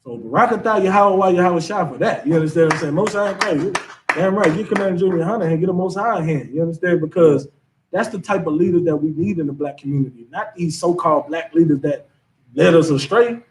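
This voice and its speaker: A man's voice: on the high side, fast talker, far from the mic, slight background noise. A man leading a scripture class, talking in an emphatic, casual preaching manner. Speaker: class teacher.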